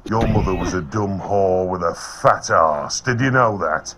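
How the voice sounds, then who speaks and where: A man's voice: low voice, lively intonation, a little slow. A man playing a crude, commanding bearded warrior king, barking clipped orders and coarse insults. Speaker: soundboard clips of a television king.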